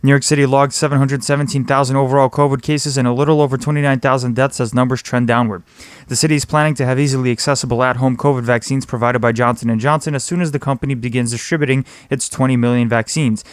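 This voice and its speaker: A man reads the week's headlines at a rapid clip, keeping his delivery steady and even. The sound is close and dry, with no room around it. His pitch sits in the middle range. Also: smooth, no echo. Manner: brisk, steady read. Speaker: news podcast host. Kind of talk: scripted news roundup.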